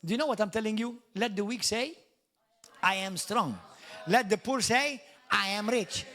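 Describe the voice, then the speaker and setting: A middle-aged man preaching a sermon with emphatic swings in loudness, dropping in jokey asides. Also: sits high, normal speed. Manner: jokey asides and mock quotes of doubters. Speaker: pastor.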